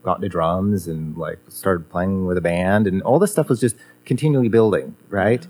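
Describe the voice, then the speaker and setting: Low-voiced man reminiscing casually. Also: normal speed, darkish tone. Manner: rambling, many fillers and restarts. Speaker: former guitar teacher. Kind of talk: casual conversation.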